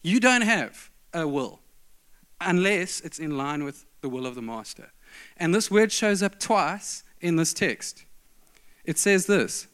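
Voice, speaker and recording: A man's voice: on the high side, expressive, takes it slowly, fairly bright tone, clean tone. Man preaching an emphatic sermon. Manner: storytelling preacher, emphatic, varied delivery.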